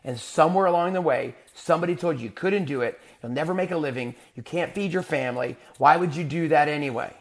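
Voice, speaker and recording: Gravelly-voiced motivational coach, man. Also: fairly high pitch, fast talker, hardly any pauses. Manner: earnest, repetitive, rhetorical questions. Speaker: life coach. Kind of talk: motivational monologue.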